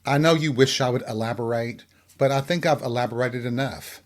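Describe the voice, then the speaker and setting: A man with a drawl hosts his own late-night rant show. His talk is crude and sarcastic, full of mocking asides and swearing. His voice sits at an ordinary middle pitch for a man. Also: brisk. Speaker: podcast host. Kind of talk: profane comedic rant.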